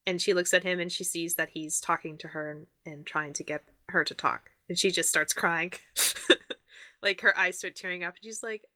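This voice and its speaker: A woman's voice: lowish voice, steady tone, normal speed, bright, forceful tone, dry recording. A woman describing her character's actions as a tabletop game player, explaining with frequent laughter. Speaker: tabletop role-playing player.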